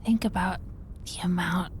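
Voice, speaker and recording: A man voicing a teasing, skeptical townswoman in a tabletop game, speaking in a hushed way. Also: sits high, steady tone, moderate pace, a little hiss or hum, voice pushed up, natural voice.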